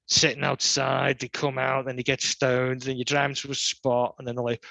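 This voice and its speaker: Man, middle-aged, casual storytelling, animated, swears a lot, dry sound. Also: medium pitch, moderate pace, vocal fry, no room sound. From Liverpool, England. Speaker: podcast guest, skate photographer.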